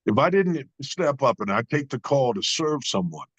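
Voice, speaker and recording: A man's voice: medium pitch, sing-song, normal speed, breathy edge, no room sound, highs cut off. Male guest, earnest storyteller with sermon-like cadence; dead-dry close recording. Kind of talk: storytelling in a conversation.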